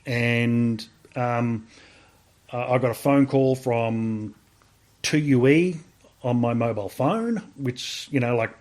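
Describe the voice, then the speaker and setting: A slow-paced Australian man with a medium-pitched voice tells a story casually as a veteran podcast guest. He swears freely and acts out quoted dialogue in an animated retelling.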